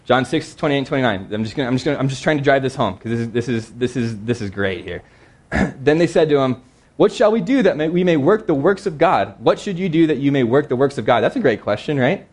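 A man preaching a sermon in a conversational, earnest way, slowing down to read scripture verses. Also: mid-range voice, animated, a little mellow, breathy edge.

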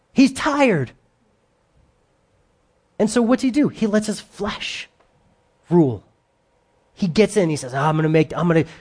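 A man's voice: sits high, a little mellow, husky. A middle-aged man preaching a sermon, reading scripture aloud and acting out the speakers with dramatic voices. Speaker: pastor.

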